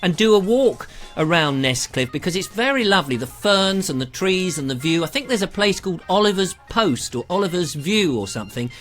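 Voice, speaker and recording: A man's voice: high voice, expressive, brisk, hardly any pauses, fairly bright tone, soft background music. A middle-aged English man hosting a live online show, chatting casually and reading out viewer comments in a rambling, playful way.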